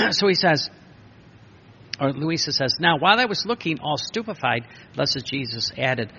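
A man preaching a sermon, emphatic and repetitive, with a gravelly voice. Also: a little high, expressive, a little slow, sharp tone. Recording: dull lo-fi recording with faint noise.

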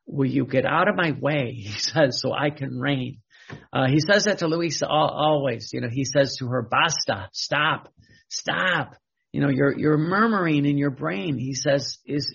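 Gravelly, husky preacher man. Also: on the high side, a bit bright. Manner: repetitive, questioning, restarts phrases. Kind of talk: sermon. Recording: dull lo-fi recording.

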